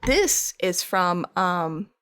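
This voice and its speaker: A woman's voice: fairly low pitch, sing-song, very slow, fairly bright tone, a little hiss or hum. A woman streaming her art, chatting casually while she sculpts, rambling, laughing often and answering her chat. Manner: reads chat aloud and answers it.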